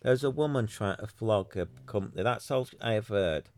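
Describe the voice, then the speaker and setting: Gravelly man ranting sarcastically. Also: fairly low pitch, a little fast, darkish tone, no echo. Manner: exasperated, sarcastic, mocks others in put-on voices; rambling with many restarts. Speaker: podcaster running a free website. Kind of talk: solo podcast rant.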